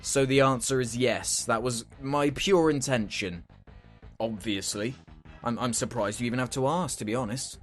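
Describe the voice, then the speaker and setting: A man's voice: mid-range voice, normal speed, soft background music. A young man hosting a comedy rant show, sarcastic and exasperated, swearing freely.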